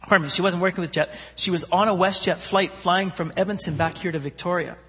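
A man preaching, telling a story with animated voices for its characters. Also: high-pitched, fast talker, slightly rough. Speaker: pastor. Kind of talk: sermon storytelling. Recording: long hall reverb.

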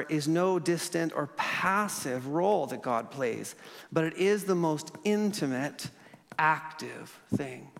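A man preaching a sermon as pastor, earnest, slowing for emphasis and dropping softly at line ends. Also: a little high, creaky. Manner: earnest, with slow emphatic pauses and sudden soft drops. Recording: long hall reverb.

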